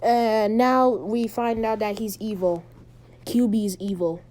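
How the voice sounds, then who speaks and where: A woman casually retelling a fan-made story, rambling and halting with many ums and restarts. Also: medium pitch, fairly even intonation, a little mellow.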